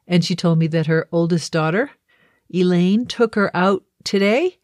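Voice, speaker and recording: Talking at normal speed with a fairly low pitch and darkish tone, a middle-aged Massachusetts woman from around Boston records a casual daily video diary, laughing lightly. Only a faint, mostly softened Boston accent comes through; the recording is dry and studio quality.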